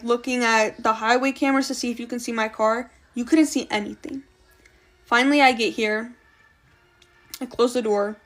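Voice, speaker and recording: Young woman, casual storyteller, animated and profane, a bit high-pitched. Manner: swearing, animated retelling with quoted voices.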